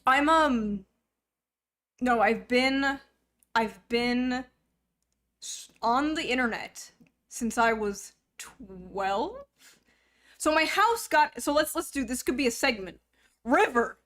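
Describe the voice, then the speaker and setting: A woman's voice: a little high, expressive, slow pace, pauses often, fairly bright tone. A young woman streamer chatting casually to her viewers, joking, rambling and poking fun at herself. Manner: joking, rambling, self-mocking. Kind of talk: casual live-stream chat.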